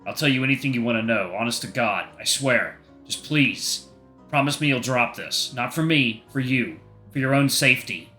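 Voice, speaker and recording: Brief: male streamer voicing a caring young guy, earnest, bright tone, close and plain. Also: medium pitch, animated, moderate pace, faint music behind. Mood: pleading. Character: protective young man, a caring boyfriend.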